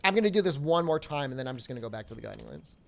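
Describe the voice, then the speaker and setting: Animated joking male game streamer. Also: medium pitch, very fast, creaky. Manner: joking, rambling, reads chat questions aloud. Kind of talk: casual live-stream chat.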